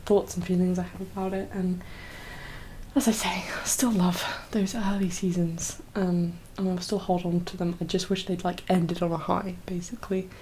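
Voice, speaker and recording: Brief: young woman, soft-spoken ASMR chat, breathy half-whispers, teary and rambling, faint background hum. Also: lowish voice, level tone, normal speed. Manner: rambling, full of fillers and laughs. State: teary, emotional. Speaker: ASMR creator.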